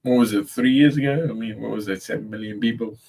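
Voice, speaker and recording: A man's voice: lowish voice, quick pace, a little mellow. Laid-back South African man, slangy. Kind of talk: casual chat.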